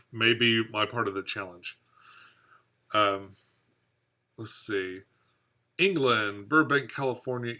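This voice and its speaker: A man's voice: lowish voice, sharp tone. A man hosting a live fishkeeping stream, reading viewer comments aloud and chatting in a rambling, easygoing way. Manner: rambling, chatty, laughs at own jokes. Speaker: fishkeeping channel host.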